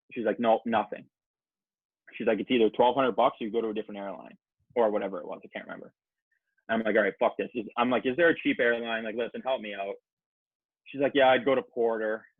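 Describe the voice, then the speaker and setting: In casual podcast conversation, a man with a lowish voice spins a long, crude story as a guest, full of "um"s and acted-out quotes traded back and forth. There's no room sound; the audio is dry and narrow, almost phone-like.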